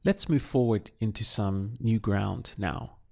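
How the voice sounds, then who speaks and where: A male teacher speaks in an unhurried, measured way, posing a phrase to translate and then calmly supplying the answer. His voice sits low and has a dark, mellow tone. He sometimes splits words into syllables for practice. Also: creaky. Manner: poses prompts, pauses, then gives answers syllable by syllable. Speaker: language teacher. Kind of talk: slow, deliberate audio language lesson.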